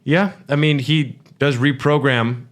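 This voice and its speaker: A man's voice: mid-range voice, fairly even intonation, a little slow. A man co-hosting a podcast in casual chat, rambling and hesitant with frequent restarts. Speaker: podcast co-host.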